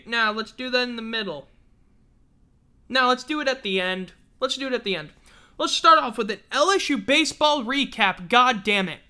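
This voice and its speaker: A woman's voice: fairly high pitch, sharp tone. A woman hosting a casual livestream sports show, ranting in an exasperated, profane way. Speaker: sports talk show host.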